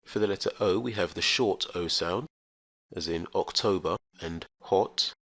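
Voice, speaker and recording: Slow, gravelly low-voiced male teacher. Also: a bit bright, no room sound. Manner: slow, careful, enunciated delivery. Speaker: English teacher. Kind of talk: scripted pronunciation lesson.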